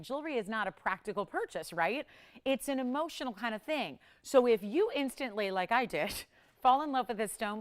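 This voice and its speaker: Upbeat woman hosting live shopping. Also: fairly high pitch. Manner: enthusiastic, repeats words for emphasis. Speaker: jewelry shopping host. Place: TV studio.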